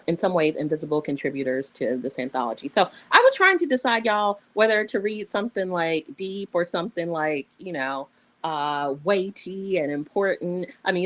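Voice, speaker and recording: A woman's voice: on the low side, rough recording. A woman with a Southern US accent, an anthology co-editor reading a playful piece of her own aloud on a video call, with sassy asides. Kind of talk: online panel reading.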